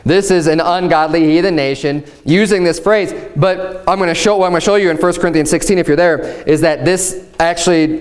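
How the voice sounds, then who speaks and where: A man preaching a sermon as pastor, earnest and conversational, climbing in pitch and stretching out words to stress a point. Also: brisk. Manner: earnest preaching, rising higher and drawing words out for emphasis; conversational asides with fillers.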